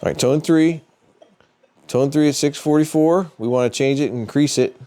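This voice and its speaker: A man hosting a metal detecting channel, explaining device settings in a relaxed, plain-spoken tutorial and thinking aloud as he goes. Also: a little high, normal speed. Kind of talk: casual how-to tutorial.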